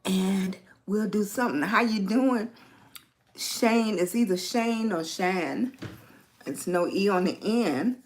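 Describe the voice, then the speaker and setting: Slow-talking Southern Virginian woman livestreaming. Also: mid-range voice. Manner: slow, warm greetings to chat, spells out viewer names. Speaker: lifestyle livestreamer. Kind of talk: casual livestream chat greeting viewers.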